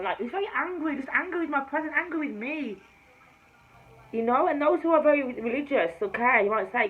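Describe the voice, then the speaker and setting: A woman with a Jamaican-tinged accent, a tarot reader, telling her spiritual testimony to camera in an emphatic storytelling manner, swinging between hushed and loud. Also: sits high, lively intonation, quick pace. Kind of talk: personal testimony told to camera. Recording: slightly dull recording with faint room ambience.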